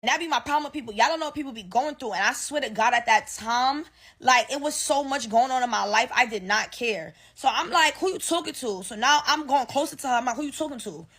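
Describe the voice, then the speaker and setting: A woman's voice: on the high side, fast, a bit bright, breathy edge. A woman telling a workplace story to her audience, casual and blunt, swearing and acting out both sides of an argument. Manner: blunt, swears freely, slangy.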